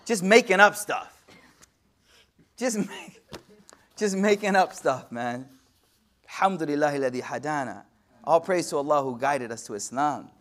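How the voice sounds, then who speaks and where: A man preaching with a voice pitched a little above the usual male range. He talks straight to his audience in slangy asides, swings from near-whispers to loud peaks, and recites Arabic quickly. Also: animated. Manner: slangy, addresses audience directly. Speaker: Islamic teacher. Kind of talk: sermon-style lecture.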